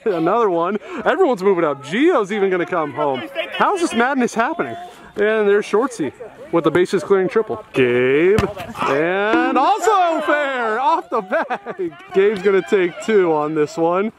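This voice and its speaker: Excitable high-voiced man calling kickball. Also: normal speed, a crowd in the background. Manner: excitable, jokey, yelps at big plays. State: out of breath. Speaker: vlogger doing play-by-play at a kickball game. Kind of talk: excited casual play-by-play. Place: outdoor kickball field.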